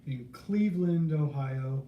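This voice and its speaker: A man on a live stream telling a lively story, swearing freely and acting out the people in it. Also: a little high, takes it slowly, dull audio. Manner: animated anecdote teller, profane, acts out quoted voices. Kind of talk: casual storytelling. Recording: roomy, faint background noise.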